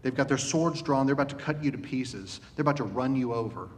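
A man preaching a sermon. He recites a poem slowly, then talks conversationally with asides. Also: darkish tone. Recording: reverberant hall with faint rumble.

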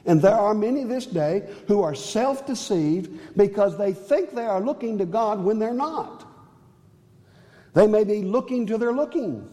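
A man delivers a sermon in a church, his voice mellow and warm yet pitched a little high for a man. He is earnest, lifting sharply on key phrases and sinking low and soft on others. The sound carries a long reverb from the hall. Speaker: preacher.

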